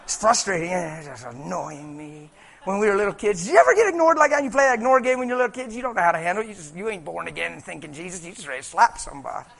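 A male preacher delivers his sermon in a high, lively voice. He talks in an animated, colloquial, conversational way. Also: racing, creaky, hardly any pauses.

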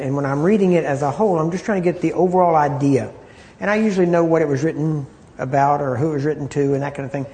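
A man teaching an informal Bible study, talking conversationally, repeating himself and often clearing his throat. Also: a little high, warm tone.

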